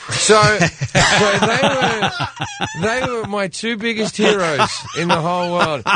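An Australian man, a comedian guest on a talk show, telling an animated comic story and acting out voices. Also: high-pitched, slow, over a noisy crowd.

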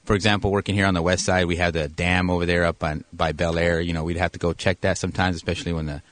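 Low-voiced police officer, halting answers. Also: male voice, level tone, a bit bright, no echo. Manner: halting, matter-of-fact, self-correcting. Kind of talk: casual radio interview answers.

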